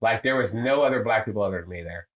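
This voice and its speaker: A middle-aged man telling stories in casual chat, swearing freely and jumping into high voices to act out what others said. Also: quick pace, highs cut off. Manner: animated storyteller, swears a lot, acts out quotes in high voices. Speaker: podcast guest. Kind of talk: casual storytelling.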